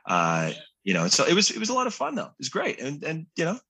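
A man's voice: a little high, wildly swooping pitch, quick pace, pushed and bright. A middle-aged man chatting as a guest in an interview, talking in loose, restarting sentences. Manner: rambling, many restarts. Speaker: guest actor. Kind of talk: casual interview chat.

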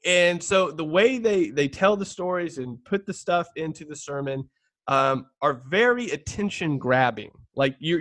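A man co-hosting a casual talk show, chatting in an animated way and laughing often. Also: on the high side, no room sound. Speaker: podcast co-host. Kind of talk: casual conversation about preaching.

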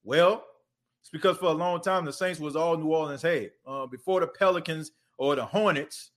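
A man runs his own sports podcast in a relaxed, off-the-cuff monologue. His voice sits a little higher than most men's, and he rambles conversationally, circling back with filler phrases as he makes his points. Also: normal speed. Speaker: podcast host.

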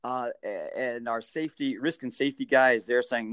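A middle-aged man telling a story in a casual interview, animated, jumping into high-pitched bursts when he acts out what people said. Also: fairly quick, few pauses, no echo. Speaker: guest, stadium mascot performer.

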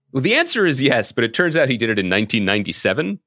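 A man's voice: lowish voice, racing, hardly any pauses, no echo, studio quality. A man co-hosting a podcast, chatting casually and riffing with jokes. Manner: joking, animated riffs. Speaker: podcast co-host. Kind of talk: casual chat.

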